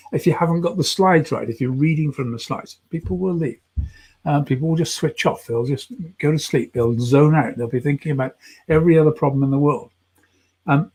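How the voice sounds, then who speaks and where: Brief: male speaking coach, slightly high voice, husky edge, emphatic stage-trained delivery in a live video talk. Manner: animated, emphatic, trained-actor delivery with frequent restarts.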